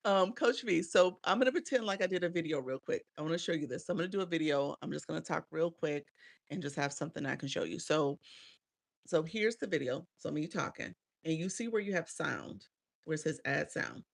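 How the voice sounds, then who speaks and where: Middle-aged woman live-stream coach, chatty and laughing a lot, gravelly edge, close dry mic. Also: deep voice, fairly quick, dry recording. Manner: chatty, laughs often, reads viewer comments aloud.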